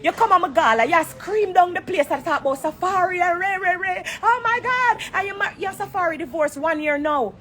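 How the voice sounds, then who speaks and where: Jamaican woman, high-pitched, confrontational, swears freely, live from an airport on her phone. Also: fairly quick, few pauses, fairly bright tone, a little hiss or hum. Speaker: entertainer on a social media live. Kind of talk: heated live-stream rant. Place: airport corner, indoors.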